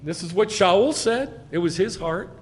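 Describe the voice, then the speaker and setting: A rabbi delivers a slow, deliberate sermon in a somewhat high voice, pressing hard on his key words. His voice carries a long hall reverb, with a faint hiss underneath. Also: animated. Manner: emphatic, swelling loud on key phrases. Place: congregation sanctuary.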